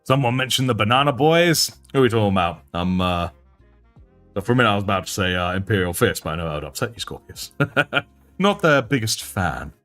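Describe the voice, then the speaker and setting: Man, British accent, deep low voice, casual livestream chat, chatty, self-mocking. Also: sing-song, brisk, a bit bright, faint music behind. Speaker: livestream host and miniature painter.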